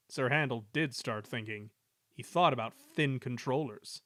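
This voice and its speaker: A man reading a children's railway story aloud in a measured, expressive way. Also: medium pitch, no echo, studio quality. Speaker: reader.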